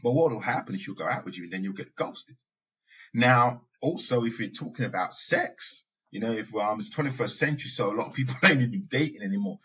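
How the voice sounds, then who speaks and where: Male podcast host, husky voice, casual and rambling, muffled lo-fi recording. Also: medium pitch, expressive, brisk, pushed and bright. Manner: conversational, with asides and occasional laughs. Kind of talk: casual monologue. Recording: dull lo-fi sound.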